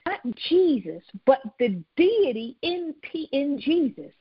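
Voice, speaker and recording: In a dull, lo-fi recording without echo, a woman with a high, slightly rough voice preaches earnestly. Phrases come back again and again, and she frequently breaks off and begins her sentences anew.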